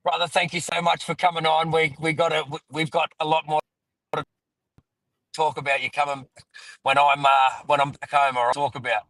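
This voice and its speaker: A man's voice: fairly high pitch, flat delivery, a little fast, a bit bright, no room sound, poor audio. A man joining remotely and saying goodbye in a friendly, apologetic way. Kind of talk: casual sign-off.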